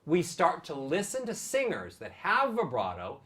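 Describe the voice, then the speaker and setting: Man coaching singing, high-pitched voice, encouraging, sung vibrato drills. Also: wildly swooping pitch, measured pace, a bit bright. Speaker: vocal coach. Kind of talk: singing lesson with vocal exercises.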